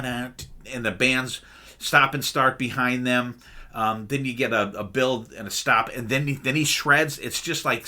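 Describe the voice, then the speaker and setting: A man's voice: mid-range voice, bright, forceful tone. A man on a music podcast, talking casually and enthusiastically about albums, rambling with fillers and humming guitar riffs. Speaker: podcast co-host. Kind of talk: casual music review chat.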